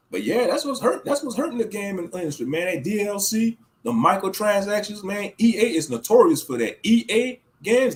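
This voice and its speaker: Brief: male streamer, heated and slangy, high-pitched with a lively, swooping delivery. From Louisiana, USA. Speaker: livestream host. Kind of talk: casual ranting commentary.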